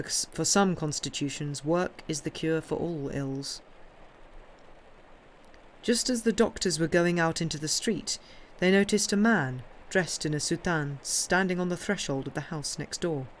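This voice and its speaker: A woman streamer reading a classic novel aloud in a steady, clear narration. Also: deep voice, moderate pace, a little hiss or hum. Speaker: audiobook reader and streamer.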